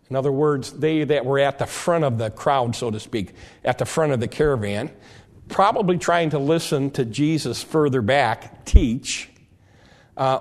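A male preacher with a medium-pitched voice delivers a sermon, working through scripture verse by verse. He frequently stumbles over his words and repeats them as he goes.

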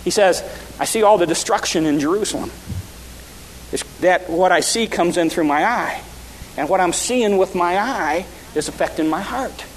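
High-voiced man preaching in a hall. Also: moderate pace, slight background noise. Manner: earnest, with frequent restarts and repeated words. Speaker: pastor. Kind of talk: sermon. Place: church.

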